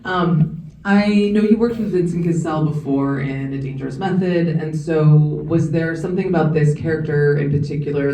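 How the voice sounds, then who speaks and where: Hesitant male interviewer, mellow voice. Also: fairly high pitch, steady tone, normal speed, echoey room, recorded from a distance, low-quality recording. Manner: hesitant, repeats words while asking. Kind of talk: interview questions.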